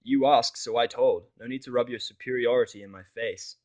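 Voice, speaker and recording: A grumpy, sarcastic young lead, as read by a man who snaps back in a flat, deadpan way. He sounds sore and irritable, close to the reader's own voice, in a fan audiobook. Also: medium pitch, a little fast, natural voice.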